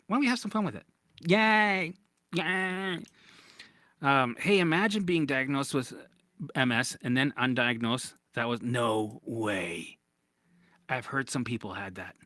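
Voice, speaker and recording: A man's voice: medium pitch, fairly bright tone, no room sound, studio quality. A man coaching viewers in a casual livestream chat, answering their comments bluntly, swearing freely and often tagging "right?" onto his points. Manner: blunt and profane, keeps checking in with "right?". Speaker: recovery coach.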